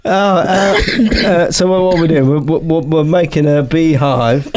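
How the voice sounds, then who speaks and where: A man's voice: a little high, slow pace. Giggly rambling young man. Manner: rambling, giggly, trails off into mumbles. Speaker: podcast co-host. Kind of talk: casual comedy podcast chat.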